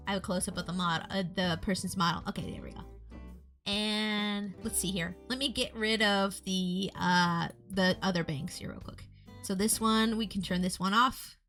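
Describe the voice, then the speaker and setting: A woman's voice: mid-range voice, pushed and bright. A woman streaming live as a VTuber artist, chatting casually with viewers while she shows off a model. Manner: chatty, rambling, greets chat viewers.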